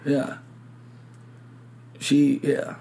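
A man's voice: medium pitch, completely flat delivery, extremely slow, creaky, dark tone. A man from Michigan hosting a podcast, telling a rambling story full of swearing and acted-out quotes. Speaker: podcast host. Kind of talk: casual chat.

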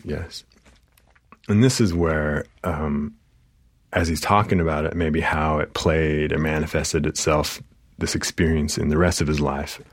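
A therapist telling an emotional story from his practice, halting often with fillers. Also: extremely low pitch, fairly even intonation, no echo. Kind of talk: personal storytelling.

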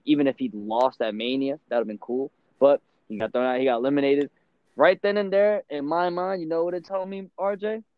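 A man's voice: fairly high pitch, a little fast, clean tone, no echo, highs cut off. A man talking emphatically in a casual podcast chat, often laughing.

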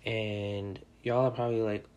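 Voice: medium pitch, level tone, moderate pace, darkish tone. Rambling young podcast host, "like"-heavy. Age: 20s. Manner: rambling, says "like" constantly, candid and joking. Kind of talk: casual solo podcast chat.

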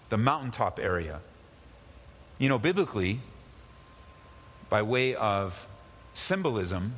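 A man's voice: medium pitch, fairly bright tone, big-room sound. A male pastor preaching a sermon, reading scripture and repeating key phrases with sudden emphasis.

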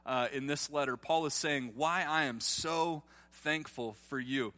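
Animated, bright-voiced pastor. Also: male voice, on the high side, a little slow. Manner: animated, joking with the congregation. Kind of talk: sermon. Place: church sanctuary, livestreamed.

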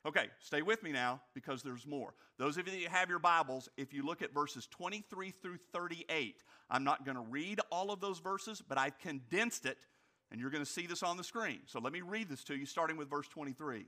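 A man preaching a sermon as pastor, animated and emphatic, with rhetorical questions and humorous asides. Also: a little high, brisk.

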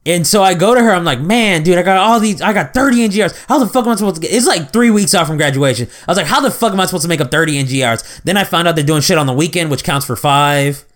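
A young man telling a school story in casual chat, animated and quick, cursing freely. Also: high voice. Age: young adult.

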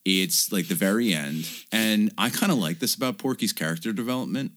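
A man's voice: lowish voice, a little fast. A man hosting a podcast, chatting animatedly about a movie and swearing freely. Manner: animated, swearing, jumps into silly voices. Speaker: podcast host. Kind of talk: casual chat reviewing a movie.

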